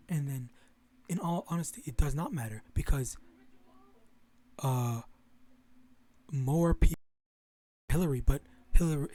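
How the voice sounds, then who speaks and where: Rambling young man, mellow voice. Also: medium pitch. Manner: rambling, many restarts and fillers, profanity. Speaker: religious vlogger. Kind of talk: casual monologue to camera.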